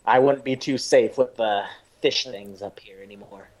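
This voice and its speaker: A man voicing a shady male crime boss in a tabletop role-play, speaking slowly and hesitantly as if on a phone call. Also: medium pitch, a little mellow, pitched below the performer's own voice, natural voice. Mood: guarded. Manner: slow, guarded, hesitant phone talk.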